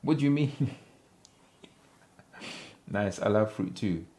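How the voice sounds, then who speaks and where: Guy from africa livestreaming, kinda low voice, rambly and jokey, laughs a lot. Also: lively intonation, slow pace, darkish tone. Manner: playful, rambling, laughs often. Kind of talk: casual livestream chat reading comments.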